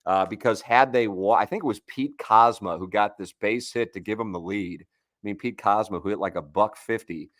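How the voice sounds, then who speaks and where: A man's voice: on the low side, moderate pace, fairly bright tone, dry recording, clean studio sound. A man in his forties, a sports radio guest, telling long rambling anecdotes with frequent restarts in a casual sports talk show.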